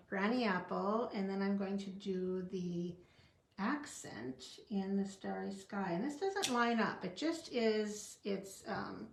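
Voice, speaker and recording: A woman's voice: medium pitch, reverberant, noisy background. A woman demonstrating card stamping in a chatty tutorial, talking to herself as she works. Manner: chatty, talks to herself while working, small laughs.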